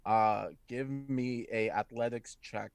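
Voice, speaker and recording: A man's voice: mid-range voice, fairly even intonation, slow pace, gravelly, smooth, dry recording. A man narrating a tabletop game as game master in a chatty way with many fillers. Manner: chatty, laughing, full of fillers.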